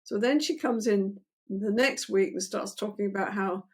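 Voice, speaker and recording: An older woman therapist explaining her methods in an interview, animated, acting out lines of dialogue between client and therapist. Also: medium pitch, normal speed, slightly rough.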